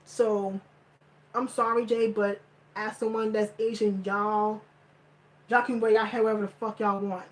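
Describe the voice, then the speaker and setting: A woman's voice: mid-range voice, flat delivery, unhurried, low-quality recording. A woman vlogger ranting in blunt, profane commentary, repeating her points for emphasis. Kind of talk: heated commentary rant.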